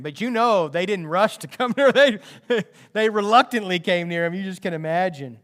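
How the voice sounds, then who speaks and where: Man, pastor, sermon, high voice, animated storytelling, emphatic asides. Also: a little fast.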